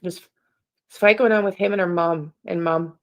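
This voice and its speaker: A woman hosting a live tarot stream, talking in a casual, halting way and often breaking off mid-thought. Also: lowish voice, fairly even intonation, dull audio. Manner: hesitant, halting, self-interrupting. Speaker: tarot reader and channel host.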